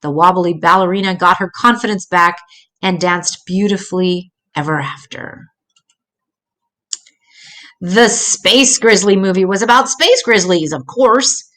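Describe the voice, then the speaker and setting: A woman's voice: on the low side, measured pace. Older woman reading a children's story. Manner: gentle, expressive reading with small slips. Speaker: storyteller grandmother. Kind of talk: children's story read-aloud.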